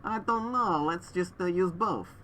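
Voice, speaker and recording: A man's voice: high voice, a little slow, sharp tone, a little hiss or hum, voice pushed up. A man voicing a simple Soviet factory worker in a fake Russian accent, muffled through a gas mask. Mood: puzzled. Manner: shrugging, broken grammar. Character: Soviet male factory worker, dim and easygoing.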